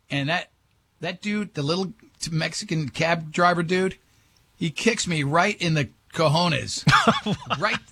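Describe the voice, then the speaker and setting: An older man, a talk show host, telling a long story in casual chat, animated and laughing often. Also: a little high, vocal fry, slightly rough.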